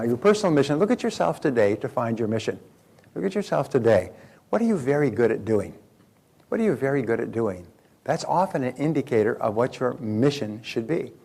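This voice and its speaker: A man's voice: mid-range voice, a little mellow. A man giving a live motivational seminar, telling anecdotes, asking the audience questions and repeating phrases for emphasis. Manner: addresses audience directly with questions. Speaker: seminar speaker.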